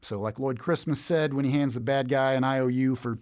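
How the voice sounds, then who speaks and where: Man, Bible teacher, casual monologue, joking, rhetorical questions, mid pitch. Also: steady tone, a little fast, darkish tone, smooth, dry recording, studio quality. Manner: playful, jokey, asks rhetorical questions. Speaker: Bible teacher, podcast host.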